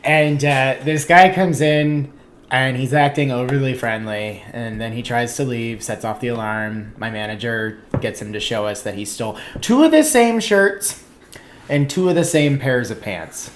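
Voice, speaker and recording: A man's voice: medium pitch, moderate pace, a little hiss or hum. Wry, self-mocking man telling a story. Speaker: comedian guest. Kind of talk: casual podcast storytelling.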